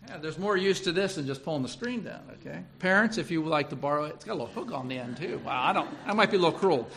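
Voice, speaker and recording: A male preacher retelling a story in an animated sermon, often repeating himself and restarting. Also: fairly high pitch, fast talker, creaky.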